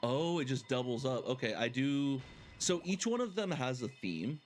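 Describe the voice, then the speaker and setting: A man's voice: medium pitch, animated, normal speed, soft background music. A man giving casual, chatty commentary while playing a video game, thinking aloud and laughing often. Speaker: game streamer. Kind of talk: casual let's-play commentary.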